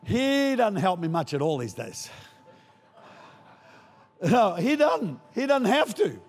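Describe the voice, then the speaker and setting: Older male guest preacher, high lively voice, dramatic, reverberant sanctuary. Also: takes it slowly. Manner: animated, acts out voices, shouts for emphasis. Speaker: pastor. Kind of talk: sermon.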